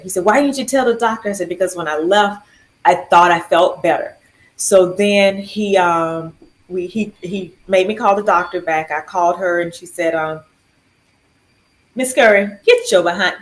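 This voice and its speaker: A woman telling her health story in casual chat, animated and laughing, acting out quoted dialogue. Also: lowish voice. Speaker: cancer survivor sharing her story.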